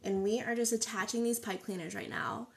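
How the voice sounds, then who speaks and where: A woman's voice: on the high side, steady tone, fairly quick, gravelly, a little hiss or hum. A woman hosting a live craft tutorial, chatting upbeat with viewers as she works at her table.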